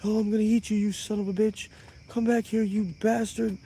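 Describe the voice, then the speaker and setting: A man's voice: on the high side, wildly swooping pitch, unhurried, vocal fry, warm tone, slight background noise, voice pushed up, exaggerated voice. A man voicing an old male cannibal with flapping skin, who turns menacing and whiny by turns. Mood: furious.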